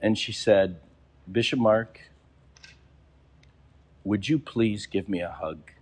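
A man, a bishop, preaching a sermon and telling a story, slowing down for emphasis. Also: fairly low pitch.

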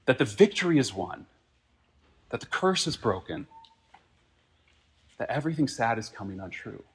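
A man preaching a sermon as pastor, earnest and reflective, swinging from emphatic peaks to quiet asides. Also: mid-range voice, sing-song, normal speed, slightly rough. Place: church.

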